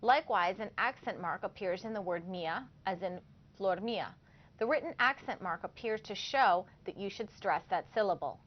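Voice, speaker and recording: A woman teaches a scripted language lesson in a clear, careful voice. Her pitch sits mid-range for a woman. The audio is a little dull and lo-fi. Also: lively intonation, moderate pace.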